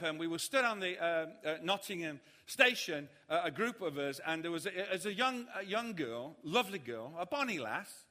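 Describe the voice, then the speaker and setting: Animated preacher in a reverberant hall. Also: male voice. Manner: animated storytelling, acting out panic in high shouts. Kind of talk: sermon with humorous anecdote.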